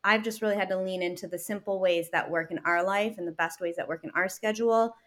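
A woman in her thirties, a working mother, talking earnestly as a guest in a casual interview, animated and quick to laugh. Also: mid-range voice.

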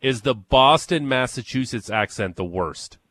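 A man's voice: medium pitch, expressive, unhurried, fairly bright tone, no room sound. A man from Western New York hosting a radio show, bantering loosely and laughing often. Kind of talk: casual studio banter.

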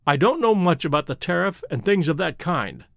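A man's voice: on the high side, very animated, moderate pace, vocal fry, dry recording. A man reading as a blunt, puzzled baronet. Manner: plainspoken and exclaiming. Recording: dry close audiobook recording.

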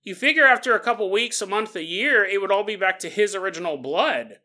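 A man's voice: high voice, animated, brisk, pushed and bright. A man hosting a podcast, rambling through a comedic monologue and slipping into silly voices. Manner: rambling, jokey, slips into silly put-on voices. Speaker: podcast host.

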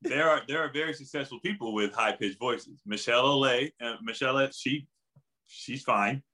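A man co-hosting a podcast, animated and laughing at his own slip-ups. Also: medium pitch, moderate pace. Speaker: podcast co-host. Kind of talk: casual banter.

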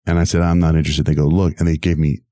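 Fast-talking deep-voiced radio host. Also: male voice, no echo, clean studio sound. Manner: animated, acts out quoted voices. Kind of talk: storytelling interview.

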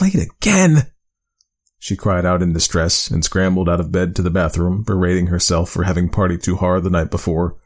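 A man narrating a spooky storybook tale with a measured, expressive reading. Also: deep voice.

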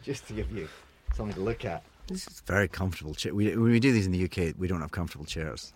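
A man's voice: sits low, very fast, a little mellow, slight background noise. A Scottish man from near Paisley, hosting a podcast interview with a friendly, curious manner and easy laughter. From near Paisley, Scotland. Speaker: podcast host. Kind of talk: casual interview chat.

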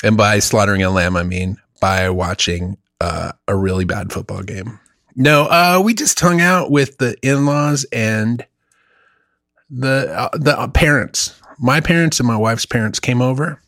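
A man co-hosting a comedy podcast, chatting casually with profane jokes and quick asides. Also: mid-range voice, a bit bright, dry recording, studio quality. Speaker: podcast co-host.

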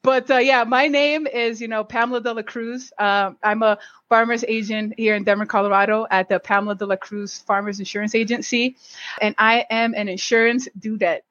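A young woman insurance agent chats as a podcast guest. Her voice sits a bit high. She tells stories with lots of laughter and acts out the people in them with vivid impressions. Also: steady tone, brisk, a bit bright, lo-fi sound. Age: late 20s. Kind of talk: casual podcast chat, storytelling.

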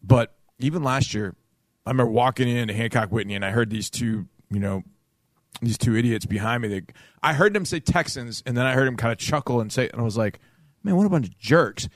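A man co-hosting a sports radio show, telling stories in an animated way and acting out what people said. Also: mid-range voice, a little fast, no echo. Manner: animated storyteller who acts out quotes. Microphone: studio microphone.

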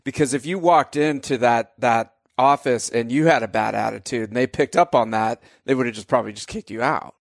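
A man's voice: medium pitch, brisk, gravelly, hardly any pauses, dry recording, clean studio sound. A man hosting a podcast, asking friendly, easygoing interview questions. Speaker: podcast host.

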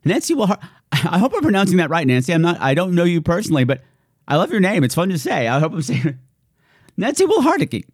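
Giddy, animated male podcast host. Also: on the high side, fast talker, no room sound, studio quality. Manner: playful, giddy, hammy announcer swings. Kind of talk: casual thank-you shout-outs.

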